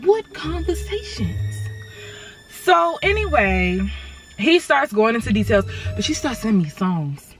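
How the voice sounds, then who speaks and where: A woman's voice: a little high, sing-song, a little slow, faint music behind. A young woman telling a casual storytime from inside her car, dramatic and sassy, talking straight to her viewers.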